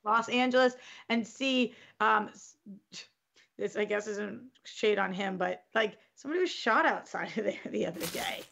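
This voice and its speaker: A woman's voice: mid-range voice, moderate pace, vocal fry, a bit bright, highs cut off. A woman co-hosting a podcast, talking bluntly and sarcastically, with swearing. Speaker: co-host. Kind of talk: casual podcast chat.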